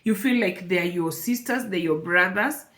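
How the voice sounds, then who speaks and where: A woman's voice: mid-range voice, normal speed, a bit bright. A woman speaking to camera in an emotional personal vlog, earnest and repeating phrases for emphasis. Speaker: vlogger.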